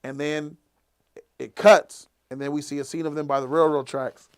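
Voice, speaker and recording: Animated man recapping a TV episode. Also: a little high, normal speed, clean tone. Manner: animated retelling, acts out characters' lines. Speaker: show host. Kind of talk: casual after-show chat.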